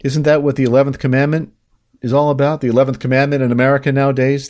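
Male talk host, mid-pitch, reads the news and jumps in with sarcastic, indignant asides. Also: flat delivery, racing, a little mellow. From upstate New York. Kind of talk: opinionated news commentary.

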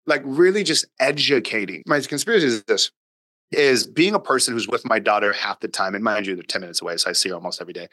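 A man's voice: fairly low pitch, expressive, fast talker, sharp tone, no echo. A man guesting on a parenting podcast, talking casually and emphatically, acting out talks with his daughter, blunt and sometimes swearing. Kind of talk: casual interview talk.

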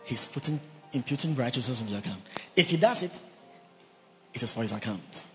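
A male pastor preaching with emphasis, leaning on key words and repeating them for his listeners. His voice carries a long hall reverb, with faint music playing softly underneath. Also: medium pitch, animated, brisk. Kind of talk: sermon.

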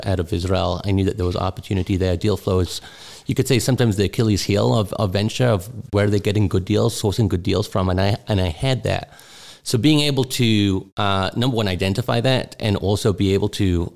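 A man's voice: low voice, creaky, darkish tone. A middle-aged man from England, a guest investor answering interview questions in a rambling way with many fillers. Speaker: guest venture capital partner.

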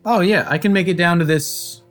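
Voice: medium pitch, fairly quick, faint music behind. A player in a tabletop game speaking as a bard, playful, slipping into a put-on Jersey accent.

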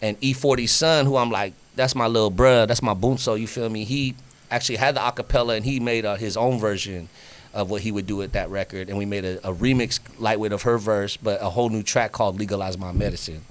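Brief: male podcast guest, Northern California accent, slangy, lively raconteur. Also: lowish voice, quick pace. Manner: slangy, animated storyteller who acts out quotes. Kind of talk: casual storytelling.

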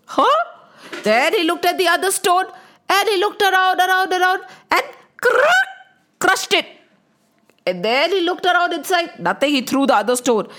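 A woman telling a story to children, animated and often stopping to ask them questions. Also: very high-pitched, moderate pace.

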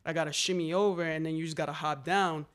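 A young man telling graffiti stories in casual chat, animated and slangy, swearing freely. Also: a little high, fast talker. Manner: animated, slangy, swears a lot, repeats "a hundred percent".

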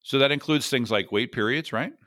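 A man hosting a tech podcast, chatting casually and upbeat with lots of quick affirmations. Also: mid-range voice, sharp tone, no room sound, studio quality. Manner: upbeat, conversational, frequent affirmations. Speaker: podcast host.

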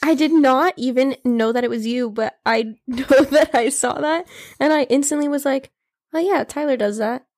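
A woman's voice: high-pitched, moderate pace, darkish tone, dry recording. A young woman co-hosting a podcast in casual chat, dry and teasing, laughing often. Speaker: podcast co-host.

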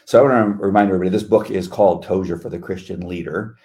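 A man's voice: low-pitched, rapid-fire, a little mellow. A middle-aged man co-hosting a devotional chat, talking in an earnest, reflective way. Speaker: co-host.

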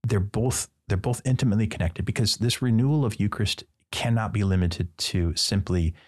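A man's voice: on the low side, brisk, a little mellow. A man, a priest and podcast guest, telling a personal story in casual conversation and acting out the dialogue with playful asides. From Midwestern United States.

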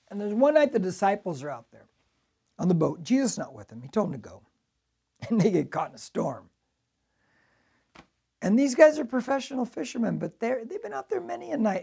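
A male pastor preaching a sermon, telling the story dramatically and swinging from loud to hushed. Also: a little high, creaky, husky.

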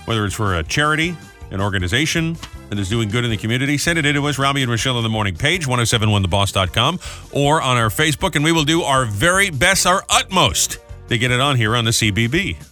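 A man's voice: mid-range voice, lively intonation, fast, pushed and bright, soft background music. A man hosting a morning radio show, chatting casually and cracking jokes between community announcements in a studio. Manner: jokey, chatty storyteller.

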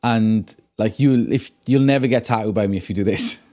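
Swearing a lot and ranting with animation, the tattoo artist and podcast co-host trades stories in relaxed conversation. His voice here is lowish, at normal speed.

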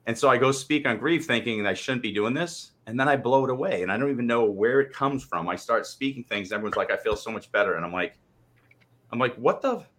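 A man co-hosting a live chat show, a motivational speaker telling animated stories and swearing freely. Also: mid-range voice, fast talker. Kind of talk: casual livestream chat.

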